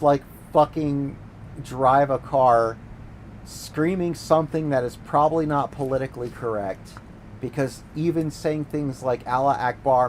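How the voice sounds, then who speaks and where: Male gaming streamer, mid-pitched voice, foul-mouthed sarcastic rants, faint background hum. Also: poor audio. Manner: profane, ranting, sarcastic. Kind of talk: casual ranting commentary while gaming.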